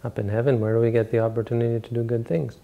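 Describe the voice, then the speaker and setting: A man giving a dharma talk, retelling a story in a relaxed, rambling way and correcting himself as he goes. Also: medium pitch, racing, creaky, narrow, tinny audio. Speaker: meditation teacher.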